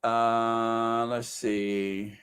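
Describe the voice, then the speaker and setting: A man's voice: medium pitch, little pitch movement, extremely slow, fairly bright tone, clean tone. A middle-aged man hosting a casual live chat, reading viewer comments and joking at his own expense with mock-indignant outbursts. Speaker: channel host.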